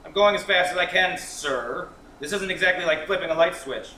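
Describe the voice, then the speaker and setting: A man plays an anxious, earnest young techie with a bright, sharp voice that sits a little high. It is a staged reading, caught from afar in an echoing room. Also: a little fast, slight background noise. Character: anxious young tech guy, self-important. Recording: echoey room, mic far.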